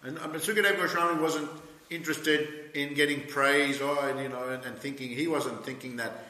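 A man giving a scripture lecture, halting with many fillers and restarts, then pressing his points emphatically. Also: a little high, steady tone, pushed and bright. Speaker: spiritual teacher giving a scripture class. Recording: echoey hall with long reverb.

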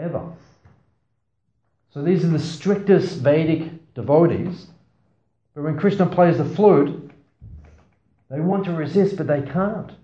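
A man giving a scripture class to a small audience. He tells stories, asks the audience questions, and makes playful asides. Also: a little high. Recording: roomy, slightly dull sound.

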